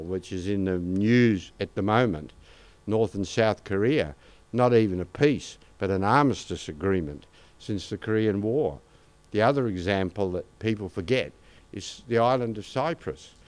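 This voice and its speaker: A man's voice: lowish voice, moderate pace. An older Australian man giving a conversational sermon, with anecdotes and asides to the congregation. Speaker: pastor.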